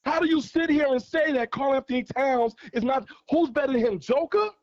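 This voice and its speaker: A man with a very high voice talks a little fast, and the audio has its highs cut off. He has called in to a fan livestream for a heated sports debate, arguing passionately and restating his points for emphasis.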